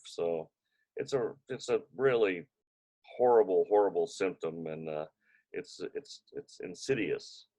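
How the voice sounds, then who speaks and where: A man coaching people on brain injury recovery, talking loosely with many fillers and restarts and telling stories from his own life. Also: on the low side. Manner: tells personal stories to make his point. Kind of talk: casual spoken advice talk.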